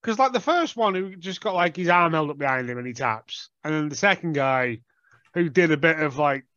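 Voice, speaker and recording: A man's voice: on the high side, animated, a little fast, bright, forceful tone, dry recording. A man co-hosting a podcast in casual banter, laughing and swearing as he rambles. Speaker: podcast co-host. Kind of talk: casual chat. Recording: dull, dry lo-fi sound.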